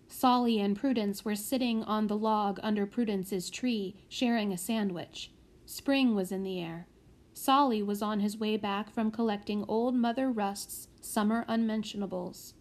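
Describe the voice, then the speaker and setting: Slow-reading woman audiobook narrator. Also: mid-range voice. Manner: measured, with small slips corrected.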